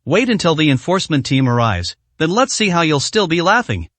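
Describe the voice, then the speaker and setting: A man's voice: fairly high pitch, big pitch swings, brisk, a bit bright, dry recording. A man voicing an arrogant young man who taunts and blusters in an audiobook story. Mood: sneering. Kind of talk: audiobook character reading.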